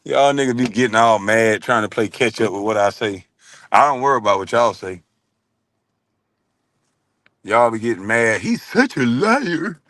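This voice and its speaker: A man's voice: lowish voice, normal speed, pauses often, a bit bright, no room sound. A man hosting his own livestream, ranting in a profane, mocking way and laughing often. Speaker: livestream host.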